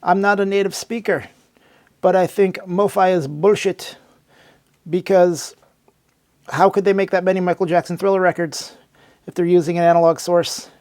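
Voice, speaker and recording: A man's voice: high-pitched, fairly even intonation, moderate pace, pauses often, a little mellow, natural voice. Man putting on a blunt record reviewer. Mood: accusing. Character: German male record reviewer, blunt and suspicious.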